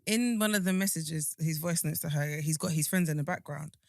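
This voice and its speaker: A woman's voice: deep voice, brisk, darkish tone, no echo. A woman, co-hosting a podcast in casual chat, talking emphatically with many restarts. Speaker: podcast co-host.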